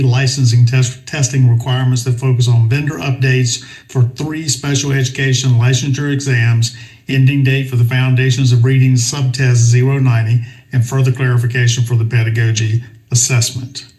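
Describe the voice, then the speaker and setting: A man chairing a public commission meeting, speaking in a measured, formal and procedural way. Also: mid-range voice, steady tone, darkish tone, poor audio.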